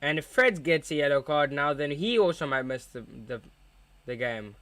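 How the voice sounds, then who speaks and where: Young man, football watchalong host, smooth clear voice, dry close sound, excitable fan reactions. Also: a little high, normal speed, no echo. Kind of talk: live match watchalong commentary.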